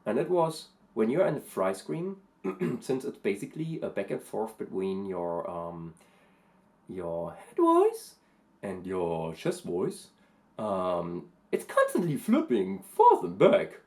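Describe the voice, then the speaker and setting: A man giving a relaxed vocal tutorial at an unhurried pace. His voice carries a noticeable gravelly fry, and his pitch swings in a lively way as he muses aloud, pausing often to gather his thoughts. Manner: thoughtful, hesitant with many fillers. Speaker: vocal coach and vlogger.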